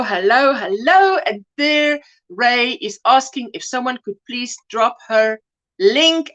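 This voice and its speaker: A woman's voice: sits high, sharp tone. A woman hosting a crochet livestream, chatting casually as she greets viewers by name and calls them sweetheart. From South Africa. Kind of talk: casual livestream chat reading viewer comments.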